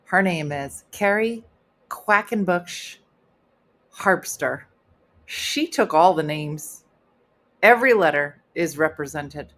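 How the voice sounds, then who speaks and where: A middle-aged woman hosting a casual livestream chat, playful and teasing with deadpan asides. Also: low voice, takes it slowly, long pauses. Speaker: host.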